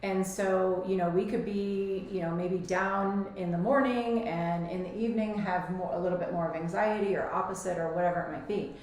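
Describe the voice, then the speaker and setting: A woman's voice: fairly low pitch, fairly even intonation, moderate pace, hardly any pauses, a little mellow. A woman co-hosting a podcast, chatting casually and filling her talk with "like" and "you know". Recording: very echoey room.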